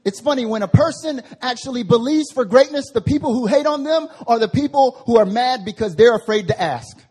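Husky-voiced man preaching a lively sermon. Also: very high-pitched, brisk. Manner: lively, preaching with voiced asides and swings from loud to hushed. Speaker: pastor. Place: church service.

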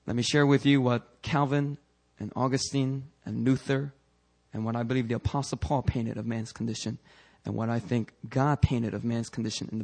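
A male pastor preaching a fervent sermon that rises into shouting, then leading prayer. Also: mid-range voice.

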